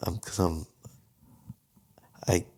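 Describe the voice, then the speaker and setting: A man's voice: takes it slowly, warm tone, slight background noise. A man, a podcast guest, trading dry, teasing one-liners in casual chat.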